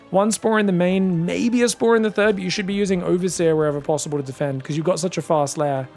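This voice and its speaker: A man giving solo esports commentary in a chatty, joking way with excitable asides. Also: sits high, vocal fry. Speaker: esports caster.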